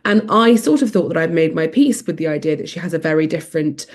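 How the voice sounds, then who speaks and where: A woman with a posh English accent talks candidly in an interview. She pokes fun at herself in a lowish voice. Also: quick pace, darkish tone. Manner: frank, self-mocking. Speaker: interviewee, mother.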